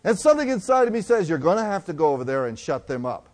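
A middle-aged man preaching a sermon, telling stories and swinging from loud to hushed. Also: on the high side, big pitch swings, quick pace. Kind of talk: sermon storytelling.

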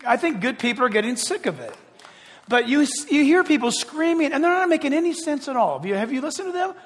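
Guy preaching, high voice, lively and chatty, reverb from a big hall. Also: fast talker. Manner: animated, conversational preaching with restarts and acted-out quotes. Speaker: pastor. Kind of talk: sermon.

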